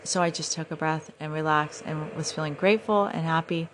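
A young woman hosting a podcast, telling a story in a casual, animated way and acting out her own reactions. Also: on the low side, fast talker, few pauses, a little hiss or hum. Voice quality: animated, breathless retelling with quoted reactions. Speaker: podcast host.

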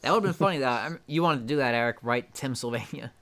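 Young man, podcast co-host, casual chat, smooth clear voice, mid pitch, laid-back, says dude a lot. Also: expressive, fast, a bit bright.

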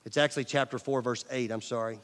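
A middle-aged male pastor preaching a sermon, swinging from loud emphasis to near-whispers and asking the audience questions. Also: medium pitch, steady tone, fast talker. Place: large church hall. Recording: long church hall reverb.

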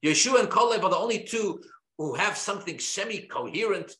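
A man, a rabbi teaching a Torah class, speaking in an animated, emphatic way with rhetorical questions and frequent restarts. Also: sits high, fairly quick. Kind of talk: lecture-style Torah class. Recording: roomy echo.

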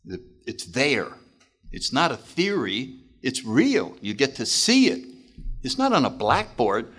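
A man speaking at a recovery meeting, telling stories in an animated way and acting out voices. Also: mid-range voice, slow. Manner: animated, acts out voices, laughs often. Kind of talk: recovery talk storytelling.

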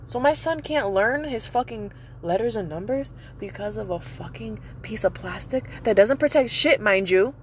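A woman's voice: fairly high pitch, animated, normal speed, few pauses. A young woman, a mother, ranting angrily with heavy swearing in a casual vlog. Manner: angry, profane, emphatic ranting. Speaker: mother venting. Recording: noisy street background.

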